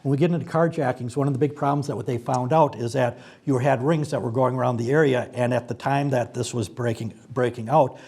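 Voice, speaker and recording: A man answering as a candidate at a forum, earnest and steady. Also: mid-range voice, fairly quick, few pauses, slightly rough.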